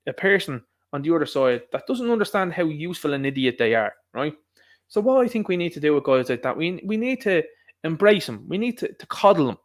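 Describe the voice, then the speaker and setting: A young Irish man hosting a solo podcast, talking in a rambling, emphatic way with quick asides. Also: on the high side. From Ireland. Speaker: podcast host. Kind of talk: solo commentary monologue.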